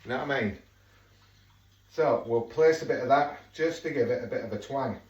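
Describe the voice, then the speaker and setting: A man's voice: mid-range voice, moderate pace, a little mellow, lo-fi sound. A man with a Yorkshire accent chatting casually as he cooks at home, rambling off into jokey asides. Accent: Yorkshire English. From Yorkshire, England. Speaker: home cook vlogger. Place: home kitchen. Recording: echoey kitchen, mic far off, noisy.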